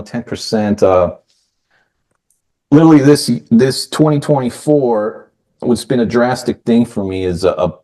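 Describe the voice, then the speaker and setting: Low-voiced man telling chatty stories. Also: dark tone. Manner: chatty storyteller who acts out quoted voices. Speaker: podcast host. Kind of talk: casual conversation.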